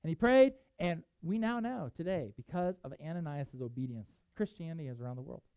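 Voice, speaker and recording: A pastor preaching a sermon, telling a Bible story with animated delivery and reading scripture aloud. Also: medium pitch, a little fast, dry recording, poor audio.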